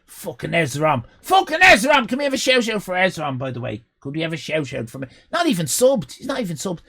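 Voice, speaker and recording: An Irish man in his fifties, a live streamer shouting mock-outraged, swear-filled banter at his chat, his voice going hoarse. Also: fairly high pitch, sing-song, quick pace. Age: 50s.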